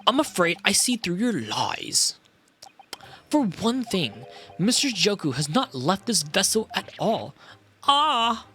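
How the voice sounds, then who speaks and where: A streamer voicing a smug, posh gentleman detective in a grand, theatrical manner, reading game dialogue aloud. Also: mid-range voice, very animated, takes it slowly, a little hiss or hum, exaggerated voice.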